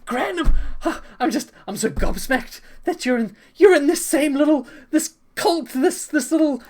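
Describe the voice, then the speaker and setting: A woman's voice: high-pitched, lively intonation, moderate pace, a little mellow, pitched above the performer's own voice. Squealing starstruck dragonborn bard girl. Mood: gushing excited. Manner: squealing, breathless, gushing. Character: gushing female dragonborn bard, starstruck fan.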